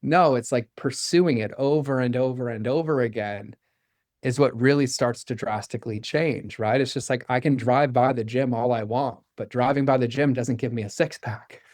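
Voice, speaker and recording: A middle-aged man in candid interview talk, earnest and running on in one long flow of "like" and "right?". His voice sits at an ordinary pitch for a man. The recording is close and dry, with no room sound. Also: a little mellow, no echo. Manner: earnest, fast-flowing, filler-heavy with "like" and "right?"; acts out quoted dialogue with his son. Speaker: podcast guest.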